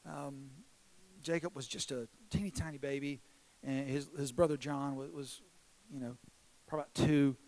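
Earnest man preaching a sermon, slightly high voice. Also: low-quality recording. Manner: earnest, self-deprecating storytelling with many restarts. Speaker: pastor. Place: church stage.

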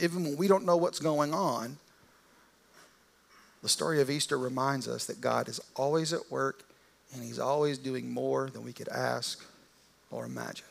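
In a gravelly, mid-range voice, a male pastor delivers an Easter sermon, narrating the story with drama. He shifts from quiet, nearly whispered lines to loud, impassioned ones.

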